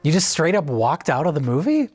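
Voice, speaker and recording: A man's voice: on the high side, big pitch swings, fairly quick, a little mellow, faint music behind, a faint crowd. A man co-hosting a film review show in casual chat, reacting with laughs and then explaining a point at length.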